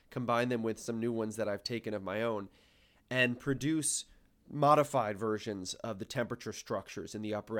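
A man's voice: on the low side, fairly bright tone. A man in his twenties, a podcast co-host, explaining his research in a casual, wry, self-deprecating way. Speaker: podcast co-host, planetary science grad student.

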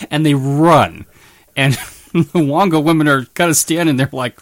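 A man's voice: a little high, normal speed, dry recording, studio quality. A man co-hosting a podcast, chatting casually about a movie with lots of restarts and filler words. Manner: rambling, many restarts and "uh"s, gets animated telling scenes. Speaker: podcast co-host. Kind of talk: casual movie review chat.

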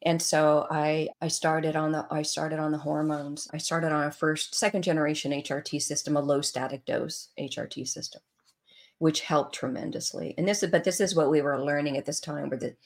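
A woman's voice: low-pitched, fairly even intonation, normal speed. A middle-aged woman telling an emotional personal story as a guest in an interview.

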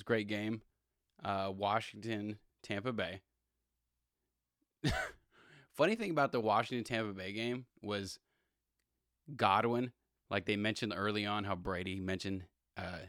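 Guy rambling about football on his podcast, bright tone, super dry close mic. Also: fairly low pitch, no echo. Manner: rambling, chuckling, self-correcting. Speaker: podcast host. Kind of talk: casual sports chat.

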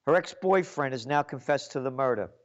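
A man's voice: mid-range voice, expressive, brisk, lo-fi sound. A man giving an indignant, repetitive political rant as a commentator.

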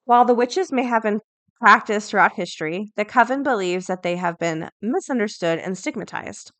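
A woman's voice: medium pitch, normal speed, fairly bright tone, dry recording. A woman hosting a podcast, reading news items and then thinking aloud in a chatty way, with many fillers and restarts. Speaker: podcast host. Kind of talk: casual podcast commentary.

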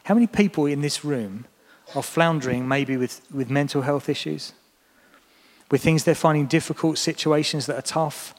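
A man's voice: fairly high pitch, moderate pace. Earnest male preacher in a reverberant church. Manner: earnest, encouraging address to a congregation. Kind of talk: sermon. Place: church hall. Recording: long reverb of a church hall.

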